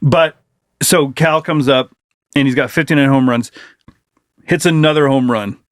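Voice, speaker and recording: A man in his forties telling a story in a casual podcast chat, profane and excitable, breaking into shouted reenactments. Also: mid-range voice, normal speed, dry recording, clean studio sound. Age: 40s. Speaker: podcast co-host.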